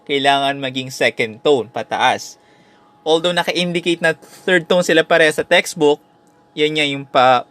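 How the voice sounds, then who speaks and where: A man with a Filipino accent gives a recorded language lesson, moving between Tagalog and English. His voice sits a little high, and he repeats short syllables over and over to demonstrate tones. The sound is dry and close, with no room around it. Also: fairly bright tone, no echo. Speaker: language teacher.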